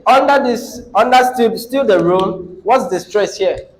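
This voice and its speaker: A man's voice: high voice, normal speed, low-quality recording. A man teaching an English lesson, asking the class questions and repeating key phrases.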